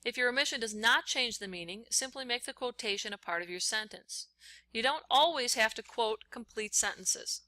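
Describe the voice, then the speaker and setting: Woman, teacher, screencast lesson, step-by-step explaining, bright tone, dry close mic. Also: a little high, animated, moderate pace, no echo. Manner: step-by-step, talks while typing.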